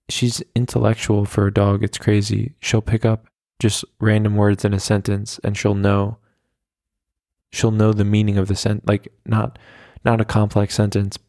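A young man rambles through a solo podcast in a low, gravelly voice that stays flat and even. His tone is dark and mellow, and he pokes fun at himself. The sound is dry and close, with no room echo. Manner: rambling, self-deprecating, chatty with many fillers. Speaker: podcast host. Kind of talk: casual solo podcast monologue.

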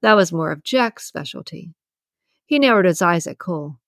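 A woman narrates a scripted romance audiobook in a steady, even storytelling manner. Her voice is fairly low and her speed normal, in a studio-quality recording with no room sound.

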